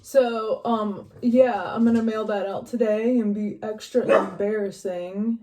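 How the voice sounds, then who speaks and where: Young West Virginia woman, loose get-ready vlog chatter, mellow voice, drifts between topics. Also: mid-range voice, steady tone, measured pace. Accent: northern West Virginia. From West Virginia, USA. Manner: rambling, chatty, drifts off quietly. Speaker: vlogger. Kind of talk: casual get-ready-with-me chat.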